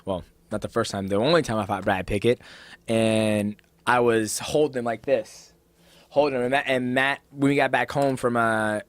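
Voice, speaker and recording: A man in his thirties, a professional fighter, telling lively stories on a podcast and acting out what others said, with frequent swearing. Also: medium pitch, normal speed, no echo. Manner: animated storyteller, acts out voices of others, swears freely. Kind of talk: casual podcast conversation. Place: podcast studio.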